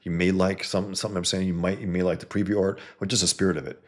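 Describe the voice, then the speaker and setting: A man with a deep voice hosts a casual livestream and reads his chat, talking fast with a flat delivery. He's blunt and profane, rambling and often restarting, and he uses a computer mic rather than a headset.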